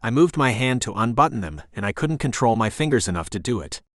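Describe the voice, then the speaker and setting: A man reading a first-person audiobook narration in a steady, even manner. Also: mid-range voice, fast, no echo, clean studio sound.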